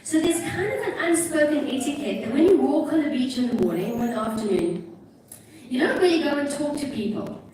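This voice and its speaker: Irish lady preaching, higher voice, chatty storyteller, sounds far off in a big echoey church. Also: fairly quick, a crowd in the background. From Ireland. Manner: chatty, animated storytelling with self-mocking asides. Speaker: guest preacher. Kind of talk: sermon. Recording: echoey church from a distance, faint noise.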